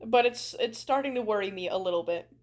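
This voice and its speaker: A woman's voice: medium pitch, fairly quick. A young woman with a Canadian accent, chatting casually while streaming a game, rambling with lots of "like" fillers. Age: young adult. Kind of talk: casual chat while gaming.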